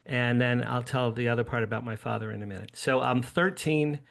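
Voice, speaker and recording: An older man from New Jersey with a gravelly, creaky voice recounts a personal story as an interview guest. He speaks animatedly, doubles back often and restarts his sentences. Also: medium pitch, fairly even intonation, fairly quick, fairly bright tone. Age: 60s.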